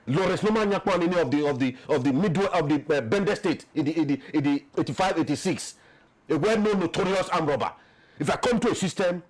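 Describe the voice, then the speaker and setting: His voice high-pitched and the recording low in quality, a Nigerian-accented peace commission official speaks as an interview guest, delivering impassioned political commentary with emphatic repetition of words as his points build.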